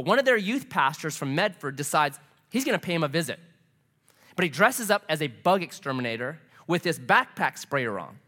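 Animated, high-voiced male preacher. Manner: animated storytelling, lively and conversational. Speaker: pastor. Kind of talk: sermon.

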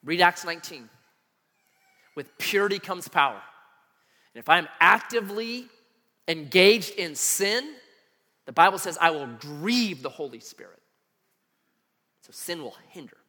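A man's voice: high voice, unhurried, long pauses, long reverb tail. A man preaching a sermon, telling personal stories and acting out the voices of the people in them. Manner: animated storyteller, acts out quoted voices. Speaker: pastor.

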